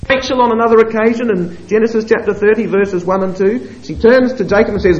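A man preaching a sermon, moving between quiet asides and emphatic, drawn-out scripture quotations. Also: high-pitched, dull audio. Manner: expressive, swings between hushed asides and emphatic quoting.

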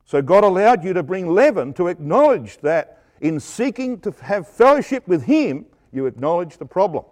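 Delivering a sermon that expounds the Bible, a middle-aged man speaks at normal speed in a high, sing-song voice. He's emphatic, asks rhetorical questions, and swings between loud emphasis and quiet asides.

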